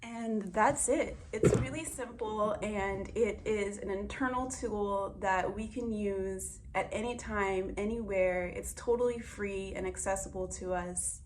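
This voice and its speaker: A young woman speaks to her viewers in an earnest, gentle way, sharing a simple breathing practice. Her talk is casual and heartfelt, like a wellness vlog. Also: mid-range voice, a little slow, hardly any pauses, background noise. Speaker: wellness vlogger.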